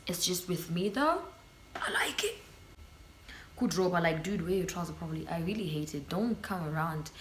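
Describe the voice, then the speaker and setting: A young Zimbabwean woman vlogging in a casual sit-down chat, sassy and animated, slipping into Shona phrases. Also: sits low, a little hiss or hum.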